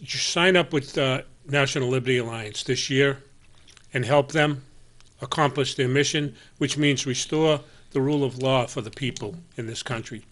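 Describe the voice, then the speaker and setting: Blunt, sarcastic man co-hosting a cable show. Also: mid-range voice. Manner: blunt, sarcastic, trailing off quietly. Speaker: co-host. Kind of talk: casual public-access talk show. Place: local cable TV studio.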